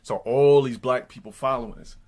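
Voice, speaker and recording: Crude, loud man streamer telling a story. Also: fairly even intonation, fairly quick. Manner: loud, crude, swaps into high mocking voices for quotes. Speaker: live streamer. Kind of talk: profane storytelling on a live stream.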